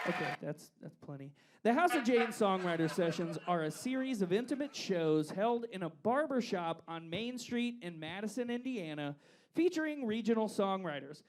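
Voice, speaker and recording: A man hosting a live comedy-and-music show, loud and profane, joking with a bar audience. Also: sits high. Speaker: host. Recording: live venue, crowd audible.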